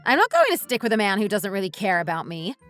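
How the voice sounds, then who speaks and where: A woman's voice: mid-range voice, wildly swooping pitch, fast talker, a bit bright, faint music behind. A woman voicing a resentful wife fed up with her husband, speaking in a bitter, accusing way. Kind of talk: scripted dialogue drama.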